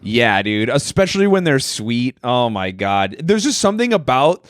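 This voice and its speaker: A man's voice: mid-range voice, sing-song, moderate pace, no room sound, clean studio sound. A young man co-hosting a comedy podcast, chiming in with loose, profane reactions and side comments. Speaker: podcast co-host. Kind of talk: casual comedic banter.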